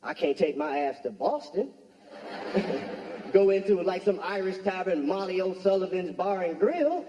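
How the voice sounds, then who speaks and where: A man from the United States doing stand-up comedy on a club stage, talking slowly with many fillers and pauses. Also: high voice, expressive, dark tone. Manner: slow, hesitant delivery with many fillers. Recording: echoey hall with live audience.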